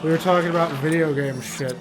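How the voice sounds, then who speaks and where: A man's voice: a little high, fairly even intonation, fast, over music. A man streaming and chatting casually, rambling and interrupting himself while he talks. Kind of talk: casual chat while gaming.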